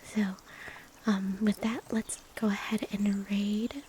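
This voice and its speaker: A woman ASMR streamer whispering softly in a playful, teasing way as she chats to her viewers. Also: mid-range voice, flat delivery, takes it slowly, a little hiss or hum. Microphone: binaural or USB mic.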